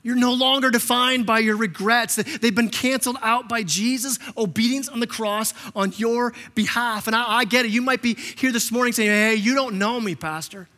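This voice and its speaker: A man preaching a sermon as pastor, impassioned, often repeating words and acting out quotes in a softer voice. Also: very high voice, steady tone, moderate pace, few pauses. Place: church sanctuary. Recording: long reverb of a church hall.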